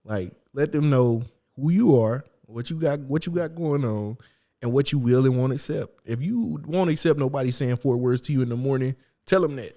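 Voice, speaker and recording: A man's voice: medium pitch, normal speed, dark tone. A man co-hosting a casual podcast, chatting in slang in a laid-back tone and giving blunt advice. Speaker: podcast co-host. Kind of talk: casual chat.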